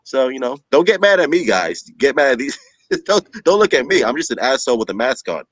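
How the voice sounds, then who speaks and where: A man speaks as a guest on a casual livestream, blunt and often laughing, and he swears freely. His pitch moves a lot. The sound is dry and close. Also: sing-song, brisk, a bit bright, no echo. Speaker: guest streamer.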